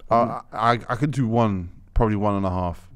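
A man's voice: on the low side, a little fast, clear, resonant tone. A man hosting a casual talk show, reading out listener questions in an easygoing way. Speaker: host.

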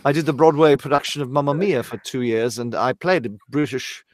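A man's voice: medium pitch, fairly quick, dry recording, clean studio sound. A man from Canada, a voice actor guest, talking earnestly and self-critically in a casual podcast interview.

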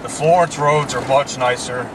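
A Mississippi man with a Southern accent hosts a driving vlog from inside a moving car, chatting casually and laughing often. His mid-range voice has a steady tone and a moderate pace, but he sounds far from the mic, with car and road noise in the background.

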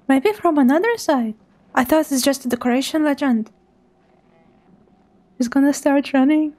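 A woman streamer with a high, slightly mellow voice gives live commentary on a horror game. She chats with her viewers and drops to a whisper whenever she gets scared.

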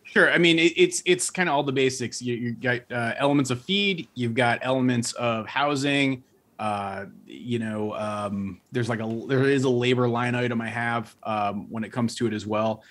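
A man's voice: mid-range voice, normal speed, a bit bright. A man speaking as a guest in a casual panel discussion, explaining his costs thoughtfully with frequent restarts. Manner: thoughtful, restarts often, business-minded. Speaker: guest defending ducks.

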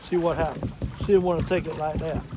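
Older man, high voice, outdoors. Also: quick pace. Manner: chatty, excitable, repeats himself. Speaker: fishing show host. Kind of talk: folksy running commentary while fishing. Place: on a fishing boat on a lake, outdoors. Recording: wind and boat noise outdoors.

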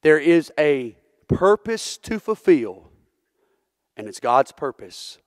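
A man's voice: a little high, sing-song, slow, darkish tone, dry recording. Man, church preacher, earnest sermon, rhetorical questions, dry close sound. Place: church sanctuary.

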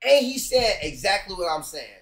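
A man's voice: high voice, big pitch swings, normal speed, reverberant, low-quality recording. A man hosting a reaction video, talking bluntly and profanely straight to his viewers in a casual way.

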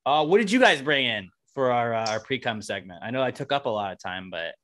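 Bright-voiced man rambling with mimicry. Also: mid-range voice, lively intonation, fairly quick. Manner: loose, rambling talk, often acting out quoted voices. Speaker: podcast co-host. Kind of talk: casual chat.

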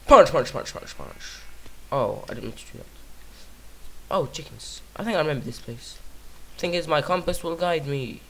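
A man's voice: a little high, expressive, normal speed, vocal fry. A man giving casual let's-play commentary on his own game, rambling and silly, talking to himself and singing nonsense syllables. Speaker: gaming YouTuber.

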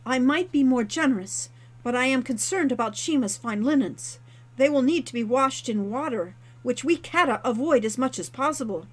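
A woman's voice: high-pitched, expressive, normal speed, slightly rough. A woman voicing a polite, fussy male cat-like innkeeper creature who speaks formally and courteously. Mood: reluctant.

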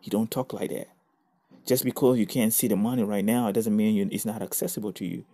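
A man's voice: fairly low pitch, steady tone, fast, creaky, dark tone. A man giving an earnest, casual devotional teaching, reading scripture aloud with sudden bursts of emphasis. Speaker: preacher.

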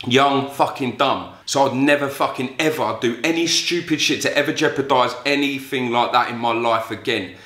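A man tells a story in a blunt, foul-mouthed way. His voice is bright and forceful, and the room around him sounds echoey. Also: medium pitch, normal speed, hardly any pauses. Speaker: vlogger. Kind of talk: storytelling vlog. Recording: roomy echo.

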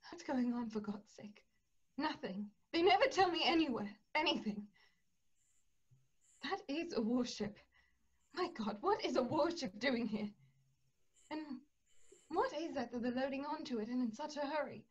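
A woman's voice: high voice, animated, moderate pace, pauses often, breathy edge, lo-fi sound. An actress playing an anxious young woman who runs a household, speaking in a worried, pleading way.

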